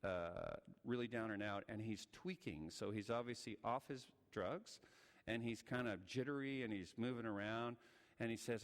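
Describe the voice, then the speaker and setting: Animated man telling a sermon story. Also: medium pitch, normal speed. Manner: animated, acts out the voices in his story. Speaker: guest speaker. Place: church sanctuary. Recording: church hall reverb.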